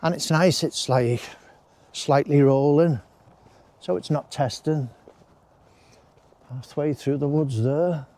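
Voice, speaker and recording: A man's voice: on the high side, slow, long pauses, mellow. Chatty man on a walk. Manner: chatty, rambling, with friendly asides. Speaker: walking vlogger. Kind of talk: casual walking commentary. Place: outdoors in a wooded country park.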